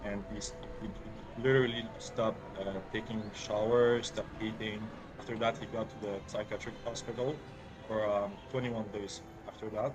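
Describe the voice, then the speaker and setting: A man telling a personal story hesitantly, with many pauses and fillers. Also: lowish voice, flat delivery, music in the background. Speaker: interviewee.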